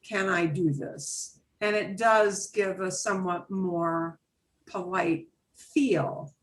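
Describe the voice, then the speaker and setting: A woman's voice: lowish voice, fairly even intonation, slow. A woman teaching a beginners' Spanish class over a video call, explaining patiently and repeating phrases.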